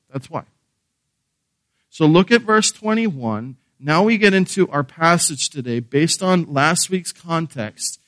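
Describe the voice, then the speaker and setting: A pastor preaches a sermon earnestly and emphatically, posing rhetorical questions and repeating key phrases. His voice is a little high and a bit bright, in a dry recording.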